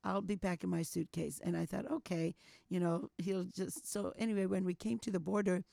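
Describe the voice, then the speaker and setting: An older woman telling a personal story as an interview guest, animated, acting out what people said and sprinkling in "you know.". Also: lowish voice, normal speed, vocal fry, no echo, studio quality. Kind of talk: storytelling testimony.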